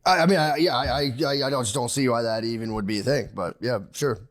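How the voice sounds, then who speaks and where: A man's voice: mid-range voice, fast. A man co-hosting a podcast in casual comedic chat, acting out his own lines, swearing freely and laughing often. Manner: animated storyteller, acts out his own lines. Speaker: podcast co-host.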